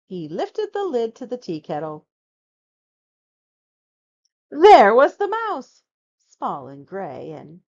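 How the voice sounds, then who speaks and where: A woman reading a children's picture book aloud, narrating with expressive, dramatic storytelling. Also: mid-range voice, dull audio.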